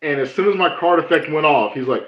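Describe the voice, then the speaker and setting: A man on a podcast telling stories in an animated, joking way. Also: fast, reverberant, lo-fi sound. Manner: animated, acts out opponents in high mocking voices. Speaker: podcast guest. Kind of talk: casual chat, storytelling.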